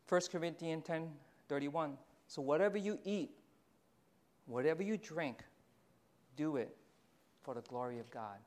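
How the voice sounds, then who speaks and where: Animated confessional man preaching. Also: on the high side, unhurried, pauses often. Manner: animated, confessional, self-mocking with laughs. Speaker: pastor. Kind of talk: sermon.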